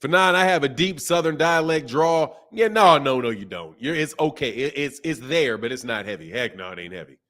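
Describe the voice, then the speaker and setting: A man's voice: medium pitch, lively intonation, moderate pace, hardly any pauses, a bit bright. A man hosting a boxing livestream, talking loosely and casually in slang with frequent restarts while reading out viewer chats. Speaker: boxing channel host.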